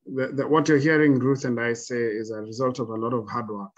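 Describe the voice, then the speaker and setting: A man of middle pitch gives reflective advice as a panel guest. He speaks in a measured, halting way and often restarts his sentences. The audio sounds dull and lo-fi. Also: steady tone.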